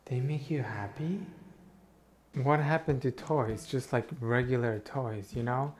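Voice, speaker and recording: A man's voice: mid-range voice, unhurried. A young man reacting to a clip with sarcastic, profane comments and exaggerated disgust.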